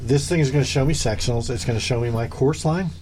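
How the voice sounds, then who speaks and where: A man's voice: mid-range voice, fast, a little mellow, a little hiss or hum. Jokey male radio co-host. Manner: jokey, playful, laughs often, loses his train of thought. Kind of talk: joking radio interview.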